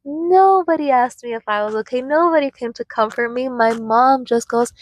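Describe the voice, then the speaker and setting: A woman's voice: high-pitched, normal speed, hardly any pauses, dry recording. A young woman vlogger telling a personal story in a casual, rambling way, full of fillers and restarts.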